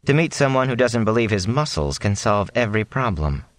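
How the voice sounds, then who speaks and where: A man's voice: lowish voice, big pitch swings, brisk, no room sound, voice pushed up. A man reading aloud, voicing a spirited young village woman who speaks pointedly in a storybook. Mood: defiant.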